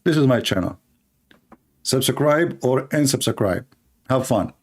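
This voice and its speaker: A man's voice: medium pitch, animated, unhurried, breathy edge. A middle-aged man with an Arabic accent hosts a livestream. His talk is combative and scornful, and he often drops into voicing both sides of a little exchange. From Middle East. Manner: mocking, combative, acts out little dialogues. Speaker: livestream host. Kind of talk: polemical livestream monologue.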